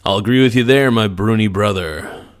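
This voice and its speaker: A man hosting a casual livestream, joking and teasing his chat viewers in a deep radio announcer voice. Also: normal speed. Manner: joking, teasing, breaks into crooning song. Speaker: livestream host.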